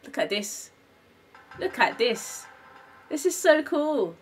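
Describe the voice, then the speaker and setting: A young woman giving live commentary on a game she is streaming, talking to herself and her viewers and gasping and shouting when something startles her. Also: high-pitched, slow pace, long pauses, low-quality recording. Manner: excitable, gasping and shouting at surprises.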